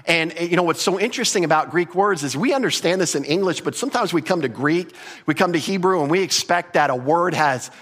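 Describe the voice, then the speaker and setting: A man with a slightly higher-than-usual voice preaches a sermon. His delivery is emphatic yet conversational, full of repetition and casual asides to the congregation. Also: fairly quick, a bit bright. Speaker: pastor.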